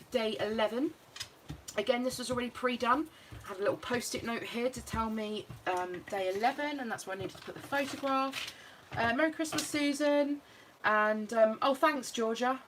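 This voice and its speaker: A British woman walks through her scrapbook project in a relaxed, chatty way, thinking aloud as she goes. Her voice sits at a middling pitch. A clear layer of background noise runs under the recording. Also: poor audio. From United Kingdom. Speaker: craft vlogger. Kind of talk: casual crafting walkthrough.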